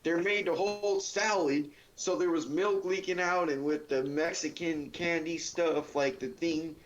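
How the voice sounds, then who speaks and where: A man's voice: fairly high pitch, fairly even intonation, a little slow. A teenage boy streaming, talking casually and rambling with lots of fillers. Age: teens. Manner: rambling, full of fillers and quoted outbursts. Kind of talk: casual chat while gaming. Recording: dull lo-fi mic with faint hiss.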